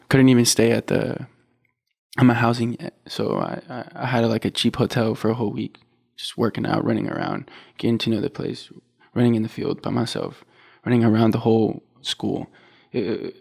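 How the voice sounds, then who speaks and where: A man's voice: medium pitch, creaky. A young man on a podcast, a college athlete who tells his story casually and acts out what he and others said. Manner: relaxed, quotes himself and others in a storytelling way. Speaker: athlete guest.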